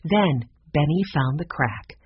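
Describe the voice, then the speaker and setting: A woman narrating a children's chapter book in a measured storytelling way. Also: low-pitched, lively intonation, breathy edge, no echo. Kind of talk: audiobook narration. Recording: dull lo-fi sound.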